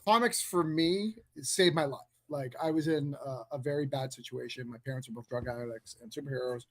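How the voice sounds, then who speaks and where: A man from New Hampshire in casual chat, teasing with deadpan sarcasm before turning to a personal story. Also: mid-range voice, a little fast.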